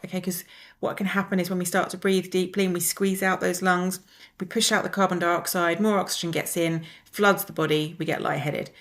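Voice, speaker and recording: A woman teaching a wellness lesson, calmly and gently guiding the listener through breathing exercises. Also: on the low side. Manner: calm, gently instructive, slows down to guide exercises.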